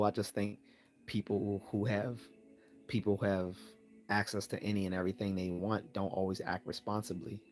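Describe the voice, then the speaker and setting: A man hosting a casual live-stream Q&A, reading chat messages aloud and answering them in a relaxed way, laughing often and repeating words as he starts, while losing his voice. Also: lowish voice.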